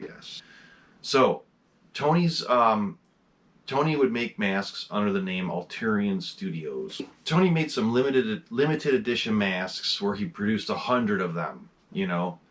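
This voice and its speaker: A man's voice: on the low side, a bit bright. A man hosting a horror mask collection vlog, chatting casually from a desk in his home mask room, enthusiastic and rambling with lots of fillers.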